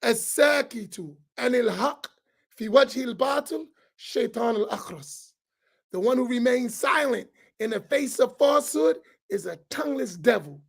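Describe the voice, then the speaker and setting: Man preaching loud and pushy, real high gravelly husky voice, keeps repeating himself. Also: lively intonation, measured pace. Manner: loud, challenging, repeats phrases for emphasis. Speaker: imam on a roundtable. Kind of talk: impassioned preaching to an audience.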